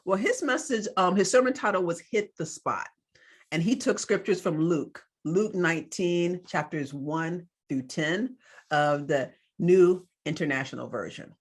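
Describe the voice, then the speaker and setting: A woman's voice: fairly low pitch, a little slow, slightly rough. Chatty woman podcast co-host. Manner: chatty, recounts details with fillers and asides. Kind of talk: casual chat recapping a sermon.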